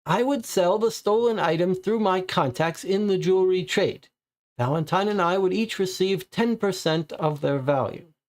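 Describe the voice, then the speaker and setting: A man's voice: sits high, moderate pace, voice pushed up, natural voice. A man voicing an anxious male suspect who pleads and confesses in a police interview read from a case file. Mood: pleading. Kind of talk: read-aloud case file role-play.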